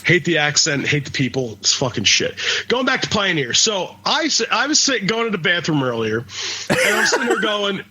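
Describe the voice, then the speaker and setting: Animated high-pitched man, faint philadelphia accent, crude casual podcast chat, swooping delivery. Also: normal speed. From Philadelphia, USA. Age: 30s. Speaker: podcast co-host. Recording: dull lo-fi podcast audio.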